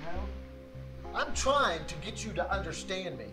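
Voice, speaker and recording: A man's voice: high-pitched, lively intonation, a little slow, pushed and bright, soft background music, exaggerated voice. An actor playing a weary, defensive father in a family drama.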